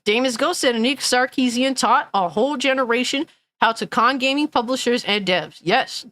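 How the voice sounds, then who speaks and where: A woman's voice: a little high, moderate pace, a bit bright. A woman gaming news streamer ranting angrily and bluntly, swearing often and reading chat comments aloud. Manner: angry, profane, blunt.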